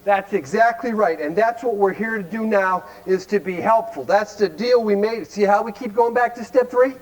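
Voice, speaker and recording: Man, very high voice, folksy, blunt, workshop speaker, quizzes the crowd. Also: moderate pace, rough recording. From Cleveland, Ohio, United States. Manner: folksy, blunt, quizzes the audience with rhetorical questions. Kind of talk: folksy recovery workshop talk to a live audience.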